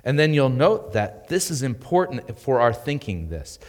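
A man preaching a sermon as pastor, emphatic and swinging between loud and quiet. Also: medium pitch, very animated, moderate pace, long reverb tail. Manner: emphatic preaching with rising and falling intensity. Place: church.

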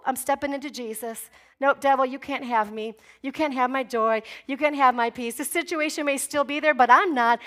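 High-voiced woman pastor preaching emphatically. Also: a bit bright. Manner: emphatic preaching, declaring commands with rising force. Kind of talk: sermon.

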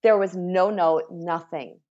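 Woman retelling a loss, halting. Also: lowish voice, fairly even intonation, a little mellow, dull audio. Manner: emotional, halting retelling with self-corrections. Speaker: interviewee. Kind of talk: personal storytelling.

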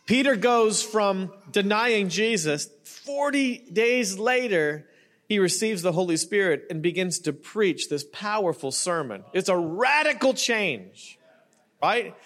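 A man's voice: sits high, expressive, a little slow, fairly bright tone. A middle-aged male pastor preaching in a loose, joking, conversational way, often checking in with the congregation. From not Australian. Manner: conversational, joking, frequent "right?" and "you know". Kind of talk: sermon.

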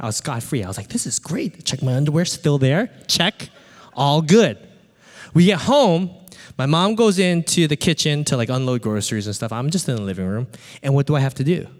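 A man preaching a sermon, telling a childhood story with acted-out voices and often asking the crowd "right?". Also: on the high side. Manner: animated, acts out voices, asks the crowd "right?". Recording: echoey hall.

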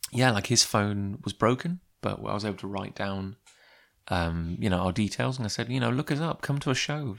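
Male storyteller, low gravelly voice, casual rambling anecdote delivery. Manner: rambling, chatty, with frequent fillers. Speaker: comic creator.

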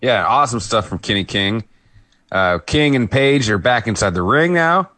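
A man co-hosting a podcast, giving a relaxed play-by-play recap of a wrestling match with light laughs. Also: medium pitch, moderate pace, dry recording. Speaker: podcast co-host.

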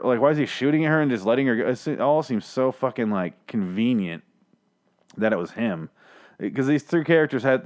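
A man with a fairly low voice recaps a TV episode in loose, casual talk. He swears often and sounds exasperated and sarcastic about the plot. He is talking into a mic in a small home studio. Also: darkish tone. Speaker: TV recap podcast host.

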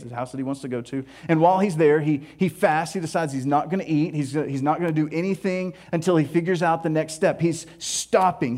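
A man preaching a sermon, animated, acting out scripture voices and dropping to hushed tones. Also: fairly high pitch. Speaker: pastor.

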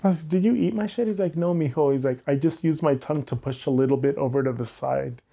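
A man's voice: mid-range voice, steady tone, fast, gravelly, mellow. A young man telling a candid personal story, frank and often laughing, with many "like"s. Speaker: guest.

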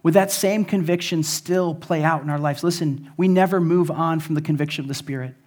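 A man's voice: fairly high pitch, steady tone, a little fast, a little mellow. Earnest male pastor preaching a sermon. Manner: earnest preaching with rising emphasis and frequent fillers. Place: church service, also streamed online.

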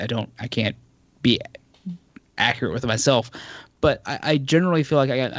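A man's voice: mid-range voice, no room sound, dull audio. A man co-hosting a casual podcast chat, a bit tipsy, rambling and stammering through repeated words. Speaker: podcast co-host.

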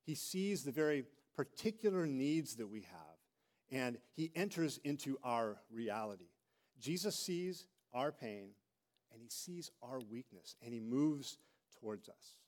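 A middle-aged pastor preaches a sermon in a mid-range voice, speaking a little slowly. He tells stories with animation and performs the voices of the people he quotes.

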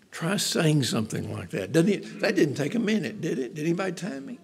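A man's voice: a little high, big pitch swings, brisk, creaky, few pauses, husky. A man preaching a sermon in an earnest, conversational way, repeating phrases for emphasis. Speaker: pastor.

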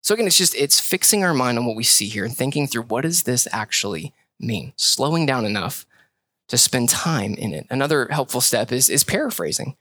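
A young pastor delivers a relaxed, conversational sermon, often repeating himself for emphasis. His voice is bright and forward, and the sound is close and dry, with no room around it. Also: medium pitch, fairly quick, no room sound. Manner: conversational preaching with repeated phrases.

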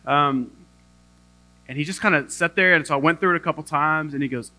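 A man's voice: a little high, brisk, pushed and bright. A young adult male pastor giving a sermon, telling a self-deprecating story with humor.

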